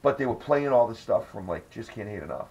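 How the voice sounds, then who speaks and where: A man hosts a casual podcast, his voice low and husky. He tells loose, profane stories with plenty of fillers. The recording sounds dull and lo-fi. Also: big pitch swings, brisk, a little mellow. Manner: profane, rambling storyteller. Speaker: podcast host. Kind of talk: casual chat.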